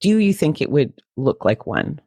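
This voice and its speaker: A woman co-hosting a podcast in casual chat, animated and swearing casually. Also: low-pitched, moderate pace, no room sound. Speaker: podcast co-host.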